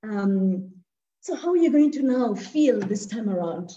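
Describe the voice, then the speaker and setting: A woman's voice: mid-range voice, expressive, a little slow, warm tone. Muffled woman speaker quizzing an audience. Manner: asks the audience questions often, many repeated words. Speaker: speaker leading an online discussion. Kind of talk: interactive talk.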